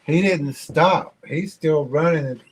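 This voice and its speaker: A man co-hosting a reaction video, calmly retelling and explaining a story in casual commentary. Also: on the high side, measured pace, breathy edge, low-quality recording.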